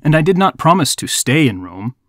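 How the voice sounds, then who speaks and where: A man's voice: a little high, big pitch swings, brisk, fairly bright tone, no room sound, studio quality. A man doing a haughty, cunning sorcerer. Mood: mocking. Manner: haughty, commanding. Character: defiant cunning male sorcerer.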